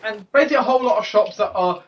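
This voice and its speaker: A man running a tabletop game as game master, narrating scenes in a casual, halting way. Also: sits high. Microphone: computer mic on a voice call. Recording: distant, dull voice-chat audio.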